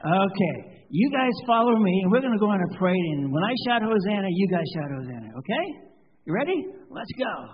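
A man with a fairly high, slightly husky voice leads worship as pastor, reading prayers in a measured cadence and then chatting in a lively way with the children up front. The sound comes through a dull, muffled church livestream. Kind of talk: church service liturgy and children's message. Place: church sanctuary.

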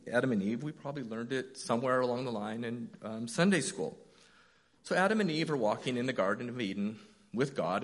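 Conversational man in his fifties preaching. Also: medium pitch. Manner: conversational, self-deprecating storytelling. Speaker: church elder preaching. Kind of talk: sermon.

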